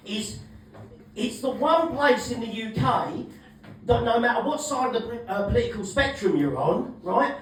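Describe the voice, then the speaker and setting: Male stand-up comic, brash, sweary, booming room echo, distant mic, audible room noise. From England. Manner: brash, sweary, shouting punchlines. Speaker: stand-up comedian. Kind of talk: stand-up set. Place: comedy club stage.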